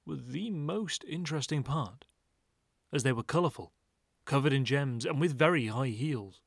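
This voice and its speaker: Calm male audiobook narrator. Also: mid-range voice, normal speed, creaky, breathy edge, no echo, studio quality.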